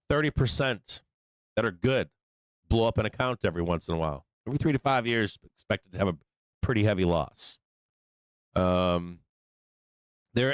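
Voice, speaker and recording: A man's voice: on the low side, smooth, no echo. A man hosting a live trading show, telling a long story in a rambling, profane way full of fillers. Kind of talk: casual live-stream talk.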